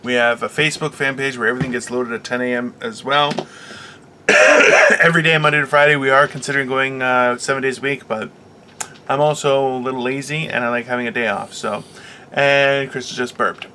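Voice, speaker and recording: A man's voice: medium pitch, fairly even intonation, fairly quick, pushed and bright, slight background noise. A man hosting a comedy podcast in a casual rant, rambling through stories with lots of fillers and restarts, and teasing his co-host playfully. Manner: rambling, filler-heavy storytelling.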